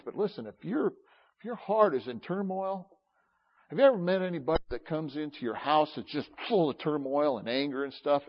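A middle-aged man preaching a sermon, talking with feeling and building to loud, fervent peaks. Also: medium pitch, lo-fi sound.

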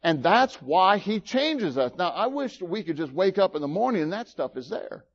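A man's voice: sits high, big pitch swings, moderate pace, lo-fi sound. A male preacher giving a sermon in a folksy, emphatic way with teasing asides.

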